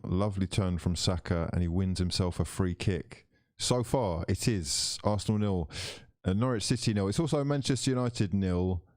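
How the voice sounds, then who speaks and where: A low-voiced man streams a football watchalong, shifting from playful imitation of a match commentator to bursts of loud excitement. The recording is dry and clean, like a studio.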